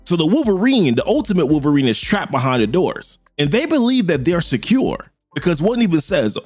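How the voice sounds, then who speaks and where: A man's voice: fairly high pitch, big pitch swings, a little fast, darkish tone, dry recording, faint music behind. A man casually recapping a comic issue, retelling the panels in slangy quoted voices. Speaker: comic book reviewer.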